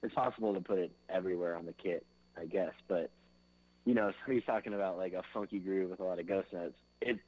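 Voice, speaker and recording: A man with a slightly low voice talks casually as a drummer in an interview. He rambles and leans on fillers. Now and then he sings grooves with his mouth to show how they go. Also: quick pace, a little mellow, rough recording. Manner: loose and rambling, fills with "like" and "you know".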